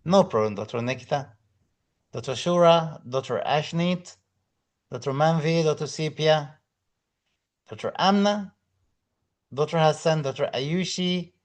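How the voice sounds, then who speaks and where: An exam prep lecturer with a slightly high voice chats casually on a live stream, greeting viewers individually and reading out and answering their comments. He speaks unhurriedly with long pauses, in loose non-native English phrasing packed with fillers.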